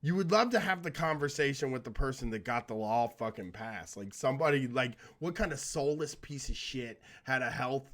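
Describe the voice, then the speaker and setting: A man's voice: medium pitch, animated, normal speed, hardly any pauses, fairly bright tone. A young man hosting a casual talk show, swearing freely and mocking the people he talks about in quoted voices. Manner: profane, sarcastic, drops into mocking quoted voices. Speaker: podcast host. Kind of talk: casual chat, reading news aloud.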